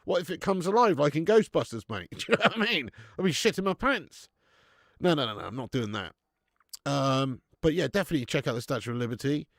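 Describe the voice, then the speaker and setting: A man's voice: on the high side, brisk, creaky, no room sound, clean studio sound. Sweary, laddish male watch-along host. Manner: sweary, laddish, jokey, bursts into excited commentary. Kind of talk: live match commentary and chat.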